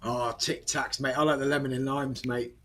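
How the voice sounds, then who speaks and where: A man's voice: medium pitch, level tone, moderate pace, a bit bright, soft background music. An older man, chatting casually and rambling while commenting on a game he is playing. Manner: chatty, rambling, says "mate" often. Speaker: gaming channel host.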